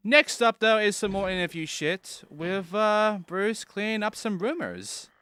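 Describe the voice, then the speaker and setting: Let's play host, man, bright crisp voice, swears casually. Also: sits high, lively intonation, measured pace. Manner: offhand and profane. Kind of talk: casual gameplay commentary.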